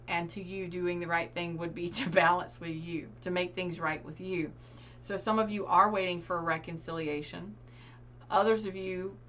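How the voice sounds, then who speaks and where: A woman reads tarot cards in a loose, conversational way. She speaks to her viewers directly and earnestly, her voice sitting a little low. A faint hum runs under the recording. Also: a bit bright. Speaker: tarot reader. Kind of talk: casual tarot reading to camera.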